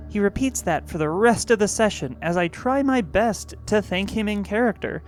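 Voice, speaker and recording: A woman narrating a tabletop gaming story with wry, sarcastic asides. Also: lowish voice.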